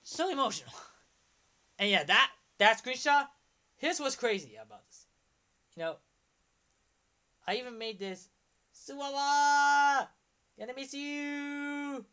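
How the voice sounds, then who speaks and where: Bright-voiced young man rambling on stream. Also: high-pitched, unhurried, long pauses. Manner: rambling, excitable, trails off. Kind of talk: casual livestream commentary.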